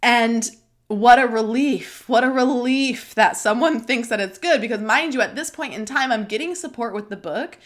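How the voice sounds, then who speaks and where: A woman's voice: on the high side, normal speed. Emotional chatty woman podcast host. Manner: emotional, tearful, speaks openly; chatty, retells conversations with many fillers. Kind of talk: candid personal podcast monologue.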